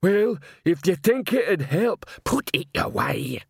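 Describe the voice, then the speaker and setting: A man voicing a slow-witted, hulking male troll watchman who talks in a slow, plodding way. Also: high voice, big pitch swings, gravelly, breathy edge, no echo, clean studio sound, voice pushed up, heavily acted.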